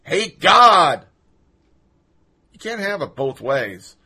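A man's voice: high-pitched, very animated, extremely slow, bright, forceful tone, husky. A man with a slightly raised voice hosts a political talk show and rants at length. He is sarcastic and mocking, swears freely and pours scorn on whoever he's talking about. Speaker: podcast host. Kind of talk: political commentary rant.

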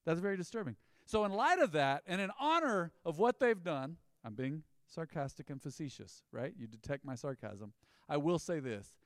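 A man's voice: on the high side, very animated, normal speed, no echo, studio quality. A man preaching a sermon as pastor, in an emphatic, conversational style with rising bursts.

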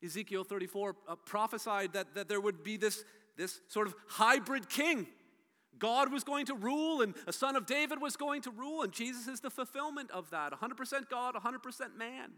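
Bright-voiced preacher man in a big hall. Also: very high-pitched, a little fast. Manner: emphatic preaching, swings from soft to loud. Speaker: pastor. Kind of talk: sermon.

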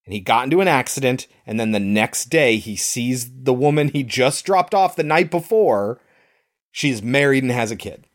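A man's voice: medium pitch, expressive, moderate pace. A man co-hosting a casual podcast about a film, explaining scenes conversationally. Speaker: podcast co-host.

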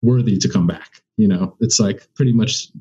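A man's voice: on the low side, normal speed, dark tone, breathy edge, highs cut off. A man who does stand-up comedy, talking as a guest in a casual conversation and thinking aloud with many restarts.

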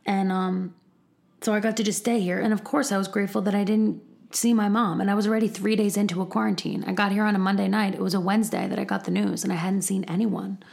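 A woman's voice: mid-range voice, fairly even intonation, fast, gravelly, darkish tone. A woman telling a candid personal story, chatty and self-deprecating, often acting out both sides of a conversation.

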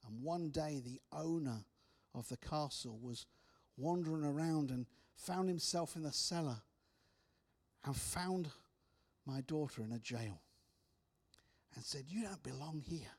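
A man preaching, telling personal stories with restarts and soft, hushed drops. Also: a little high, unhurried. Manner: storytelling with repeated restarts, soft dramatic drops. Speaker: speaker. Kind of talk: preaching testimony.

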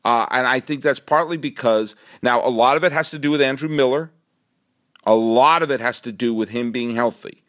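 A middle-aged man with a New England accent hosting a solo sports podcast, rambling and animated, swinging from low asides to excited outbursts. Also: normal speed. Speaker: podcast host.

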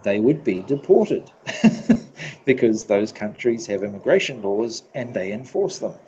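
A man from New Zealand with a New Zealand accent talks in a loose, laughing way, cursing and restarting his sentences as he goes. His voice sits fairly low. The recording is dull and lo-fi, with a faint hiss of noise underneath. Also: expressive, mellow. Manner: laughs often, swears freely, halting restarts. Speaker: podcast guest. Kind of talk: casual podcast chat.

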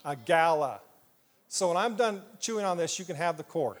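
A high-voiced man preaches with animated, playful energy, asking the congregation questions. His voice rings with long reverb through a church hall. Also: normal speed. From southeast Iowa, US. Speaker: pastor. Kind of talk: sermon.

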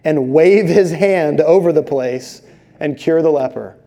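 A man preaching a sermon, telling stories with animated, acted-out quotes. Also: fairly high pitch, a little slow. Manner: animated storytelling, acts out voices in quotes. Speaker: pastor.

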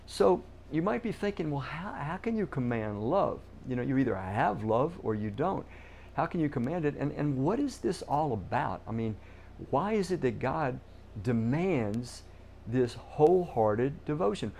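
Middle-aged male pastor, mellow tone, emphatic sermon delivery. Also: medium pitch, very animated, moderate pace, creaky, slight background noise. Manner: emphatic, repeats key words for stress.

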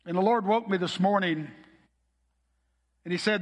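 Middle-aged male pastor with a high-pitched voice, earnest heartfelt preaching, recorded with long hall reverb. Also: normal speed. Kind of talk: sermon.

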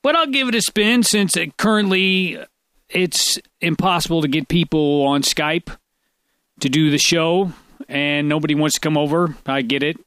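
A man's voice: on the high side, normal speed, a bit bright, dry recording. Rambling, stammering podcast host man. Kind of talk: casual podcast chat.

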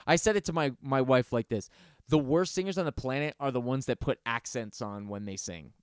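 A man co-hosts a casual music podcast, his voice smooth and resonant. He talks in an animated, profane ramble full of restarts. The sound is close and dry, with no room around it. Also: mid-range voice, fairly quick, dry recording. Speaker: podcast co-host. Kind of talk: casual music review chat.

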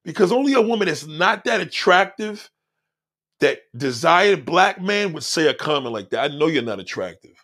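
A man hosting a livestream, reading chat comments aloud and mocking them in a loud, profane rant. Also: on the high side, moderate pace. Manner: loud, animated, heckling and mocking. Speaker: livestream host.

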